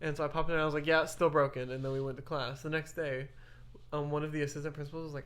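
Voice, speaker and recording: A young woman co-hosting a podcast, telling stories in a casual, animated way, laughing often and acting out what people said. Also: low voice, rapid-fire, a little hiss or hum. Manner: animated, giggly, acts out quoted voices. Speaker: podcast co-host. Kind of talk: casual storytelling chat.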